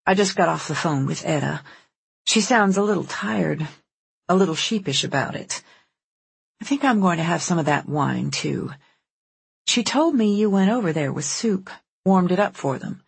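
An audiobook reader voicing a busy, determined young woman who runs a ranch, speaking in a brisk, practical way. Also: medium pitch, expressive, gravelly, breathy edge, dry recording, full character voice. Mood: tired. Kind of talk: audiobook character voice.

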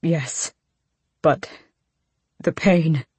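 A woman voicing an injured young man who speaks quietly and tightly through pain, his voice husky and strained. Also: deep voice, drawn-out words, no echo, full character voice. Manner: quiet, pained, clipped through gritted teeth.

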